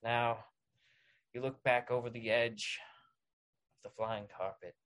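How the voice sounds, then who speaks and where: A man hosting a podcast leads the listener through a parody guided visualization in a mid-range voice. He's deadpan and mock-soothing, slowing down for the breathing cues, while rambling and stumbling over his own restarts.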